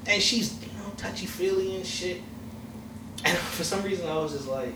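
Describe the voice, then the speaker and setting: A man's voice: high-pitched, normal speed. Profane, laughing man telling a story. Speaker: host. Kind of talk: casual storytelling chat. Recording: echoey room, mic far off, faint noise.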